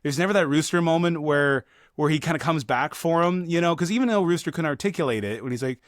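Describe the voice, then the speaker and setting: A man's voice: on the high side, fast, dry recording, clean studio sound. A man co-hosting a film podcast, chatting casually and rambling, swearing freely and acting out movie lines as he goes. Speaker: podcast co-host. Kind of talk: casual film review chat.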